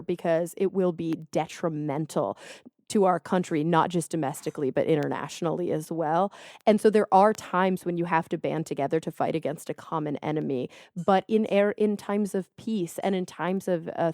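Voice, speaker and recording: A woman in her thirties hosting a podcast interview, talking in an earnest, opinionated and animated way. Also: fairly low pitch, dry recording. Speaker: podcast host. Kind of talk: casual interview chat.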